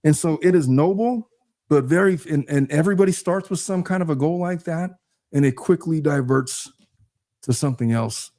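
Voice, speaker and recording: Blunt, wry man with a mellow voice. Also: fairly high pitch, moderate pace, no room sound, clean studio sound. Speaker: lawyer guest. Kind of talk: casual chat.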